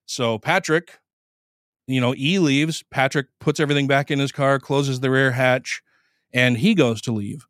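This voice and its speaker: A man's voice: medium pitch, a little slow, fairly bright tone, dry recording, clean studio sound. A man hosting a podcast, casually retelling a court case in a conversational, profane way and briefly acting out the people he quotes. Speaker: podcast host.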